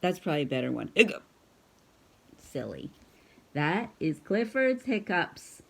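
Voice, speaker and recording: Playful mom reading a picture book. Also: female voice, lowish voice, big pitch swings, unhurried, gravelly. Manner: chatty asides, playful hiccup noises. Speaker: parent reading aloud to a child. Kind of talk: casual storybook read-aloud.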